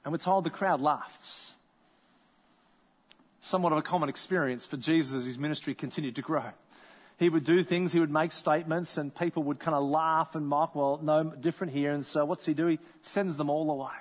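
A man with a high voice delivers a sermon in a conversational, storytelling way. His voice carries a long reverb, as if he is speaking in a large hall. He sometimes slips into the voices of the people in his story. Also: steady tone, brisk. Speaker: pastor.

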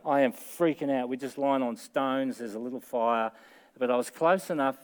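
A middle-aged Australian man delivers a sermon from the pulpit. He talks in a casual, conversational way, then lifts into earnest, emphatic peaks on his key points. His voice sits at an ordinary pitch for a man. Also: moderate pace, clear, resonant tone. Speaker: pastor.

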